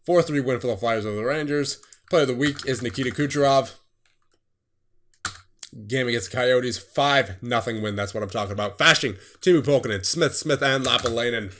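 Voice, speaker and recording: A man's voice: medium pitch, a bit bright, slight background noise. Young man rattling off game scores. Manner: rattles off scores in quick bursts, then laughs at himself. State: voice getting tired. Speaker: gaming streamer. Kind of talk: casual game commentary.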